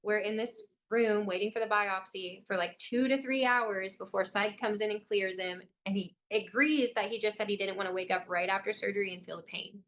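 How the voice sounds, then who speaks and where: A woman's voice: medium pitch, fairly even intonation, a little fast, hardly any pauses, a bit bright, a little hiss or hum. Young adult woman, interview guest, from Illinois; intense, urgent storyteller, mid-range voice. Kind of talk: personal account in an interview.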